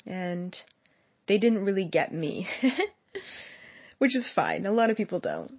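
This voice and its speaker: A woman's voice: mid-range voice, huge pitch swings, slow, breathy edge, no room sound. A young woman who works as a psychic, speaking earnestly and a bit rambling to her viewers with lots of fillers. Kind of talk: personal monologue to viewers. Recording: slightly muffled, dry sound.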